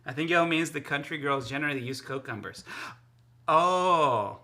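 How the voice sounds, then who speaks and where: A man chatting casually to his stream while cooking in his kitchen, excitable and rambling, often repeating himself. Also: on the high side, moderate pace. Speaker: live streamer. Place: home kitchen.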